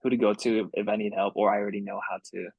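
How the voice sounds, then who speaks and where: Husky guy hosting a chill interview over video call, kinda gravelly. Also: on the low side, little pitch movement, racing, no echo, highs cut off. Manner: encouraging, agreeable. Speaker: host. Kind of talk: casual interview.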